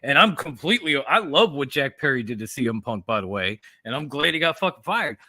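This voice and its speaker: A man's voice: mid-range voice, big pitch swings, fairly quick, sharp tone, no echo. A man co-hosting a casual wrestling chat podcast, talking with emphatic enthusiasm and often repeating himself. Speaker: podcast co-host.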